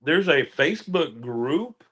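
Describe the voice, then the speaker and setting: A man's voice: fairly high pitch, big pitch swings, takes it slowly, fairly bright tone, slightly rough. A man hosting commentary, mocking and sarcastic in casual chat. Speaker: commentary host.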